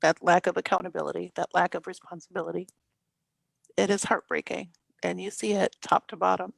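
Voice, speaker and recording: A woman's voice: on the low side, fairly even intonation, fairly quick, creaky, no echo. A woman co-hosting a Bible study, talking reflectively and searching for her words. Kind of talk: reflective conversation.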